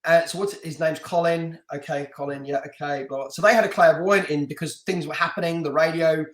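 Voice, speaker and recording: Animated London-born man telling a story. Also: a little high, a little fast, roomy sound. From London, England. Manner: animated, laughs often, many restarts. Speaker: podcast guest, martial artist and stunt actor. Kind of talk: casual storytelling interview.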